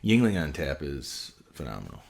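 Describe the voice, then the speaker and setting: A man with a very low, deep voice hosts a podcast in loose, casual chat. He rambles a little, leaning on "like" and "you know" as he thinks aloud. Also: very animated, moderate pace, vocal fry, a little hiss or hum. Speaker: podcast co-host.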